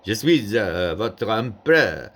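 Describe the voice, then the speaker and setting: A man's voice: lowish voice, big pitch swings, slow, a bit bright, pitched above the performer's own voice, heavily acted. A man putting on the voice of a grand male emperor speaking with an Italian accent, declaiming in a grandiose way.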